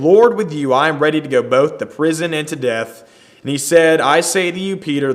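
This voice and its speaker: A man leading a Bible study, reading scripture aloud and explaining it earnestly. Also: on the high side.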